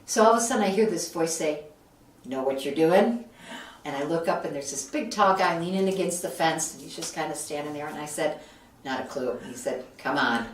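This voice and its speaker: A woman's voice: low-pitched, fast, hardly any pauses. A woman from Buffalo, New York, telling a story as an interview guest, acting out the voices of the people in it. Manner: animated, acts out quoted voices. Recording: roomy echo, mic at a distance, faint background noise.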